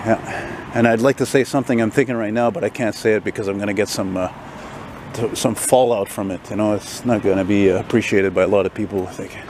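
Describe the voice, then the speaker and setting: A man's voice: fairly low pitch, fairly even intonation, quick pace, noisy background. Grumbling man ranting on a city walk. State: tired and unwell. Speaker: vlogger. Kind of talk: walking vlog rant. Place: outdoors on a city street.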